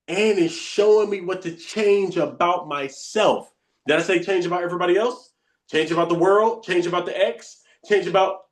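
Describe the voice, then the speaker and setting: A man runs a live online coaching session, his voice sitting noticeably high. He drives his points home through repetition and keeps asking the group whether they follow. The recording has a roomy echo around him. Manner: emphatic, repetitive motivational teaching; quizzes the group with questions. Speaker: bootcamp coach.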